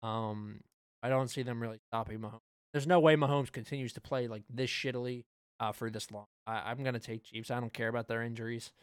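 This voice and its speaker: Man co-host, casual sports-betting talk, smooth clear voice, dry close sound. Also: mid-range voice, a little fast, no echo. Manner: relaxed, loose, with frequent fillers. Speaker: podcast co-host.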